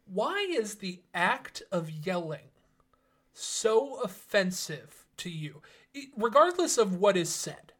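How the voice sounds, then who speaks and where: A man with a notably high voice co-hosts a casual podcast. He raises topics and keeps pressing the others with follow-up questions. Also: very animated, slow pace, fairly bright tone. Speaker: podcast co-host. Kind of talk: casual chat.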